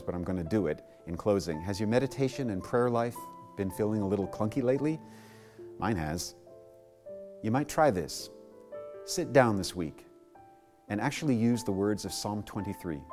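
A man preaching a sermon in an animated way, jumping high in pitch when he acts out quoted voices, then settling to a calm, low prayer. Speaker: pastor.

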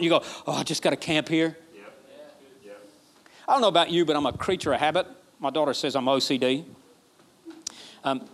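A man from Alabama, preaching a sermon emphatically, repeating phrases and building to excited peaks. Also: a little high. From Alabama, USA. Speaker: pastor.

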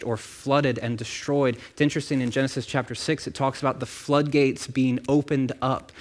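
Conversational man preaching a sermon. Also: medium pitch. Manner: conversational preaching with asides and repeated words. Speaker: pastor.

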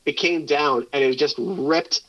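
A man's voice: fairly high pitch, measured pace, fairly bright tone. A man chatting casually as a podcast co-host, rambling with lots of fillers and restarts. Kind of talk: casual chat. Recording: dull lo-fi sound.

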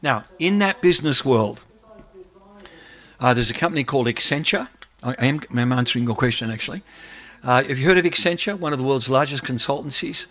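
A man, an academic, giving a lively lecture and taking questions from the audience. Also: mid-range voice, brisk. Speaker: academic speaker.

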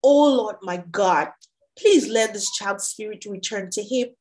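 A woman voicing a male prophet in a scripture reading, calling out loud, urgent pleas. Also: medium pitch, expressive, unhurried, natural voice.

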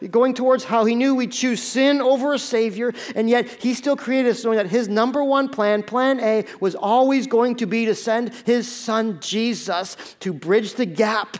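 A man preaching a sermon as pastor, telling a story with sudden loud peaks and hushed stretches, often restarting his words. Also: very high-pitched, steady tone, moderate pace. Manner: storytelling, swinging from loud urgent peaks to hushed near-whispers.

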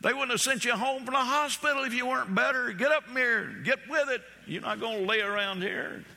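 A man's voice: very high-pitched, a little fast, vocal fry, pushed and bright, pitched above the performer's own voice, heavily acted. A man playing an elderly husband who fusses and orders his recovering wife around. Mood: bossy. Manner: fussing, demanding.

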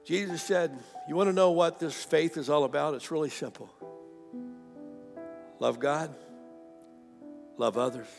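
A pastor preaching a sermon, retelling a woman's testimony with animated emphasis and fervent questions to the congregation. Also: a little high, measured pace, creaky, pauses often, big-room sound, faint music behind. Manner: animated storytelling, quoting a woman's testimony, rising to fervent appeals.

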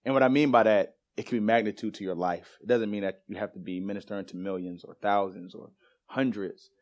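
A man's voice: on the low side, fairly even intonation, brisk. A man preaching in a church, telling a personal story with laughter and casual slang before turning to scripture. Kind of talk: storytelling sermon. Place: church sanctuary.

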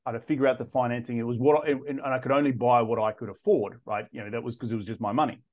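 Animated man telling his story. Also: mid-range voice, racing. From Australia. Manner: animated, frequent restarts and repeated words. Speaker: podcast guest. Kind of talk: casual interview storytelling.

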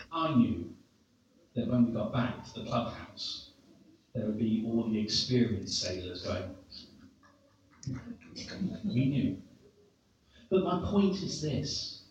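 A middle-aged man from England preaching in a very echoey church hall. He tells his story slowly, with self-mocking humor. He stands well back from a dull-sounding microphone. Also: mid-range voice, distant mic, slight background noise. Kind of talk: sermon.

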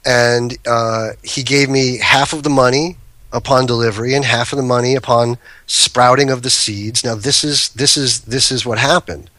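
A man's voice: mid-range voice, fairly even intonation, moderate pace, pushed and bright, no room sound. A man guest on a podcast telling rambling anecdotes full of restarts and asides. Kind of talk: casual storytelling.

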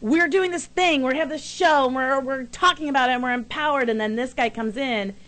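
A woman co-hosts a relaxed chat show and talks through stories with emphatic, chatty energy. Her voice sits a little high for a woman. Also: fairly quick. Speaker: co-host. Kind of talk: casual chat show banter.

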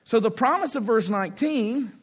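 A man preaching a sermon in an earnest way, rising for emphasis and slowing down on key phrases. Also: very high voice, animated, breathy edge. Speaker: pastor.

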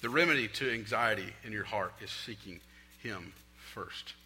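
A young adult man preaching a sermon from a stage, swinging between loud appeals and hushed, prayerful lines. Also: on the low side, moderate pace, breathy edge. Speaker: pastor. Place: stage in a large hall. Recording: long hall reverb.

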